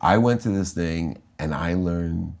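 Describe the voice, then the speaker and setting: An American man tells his life story as an interview guest, animated and quick to act out what others said. His voice sits deep and low. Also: creaky, a little hiss or hum. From United States. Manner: animated storyteller, acting out quoted dialogue.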